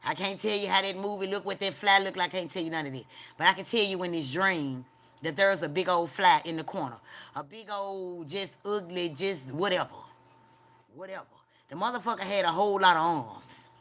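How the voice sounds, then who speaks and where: Talking directly to her audience, a woman hosting a livestream spins out a long story full of swearing, rambling and filler sounds. Her voice sits on the low side, has a fairly bright tone, and runs a little fast.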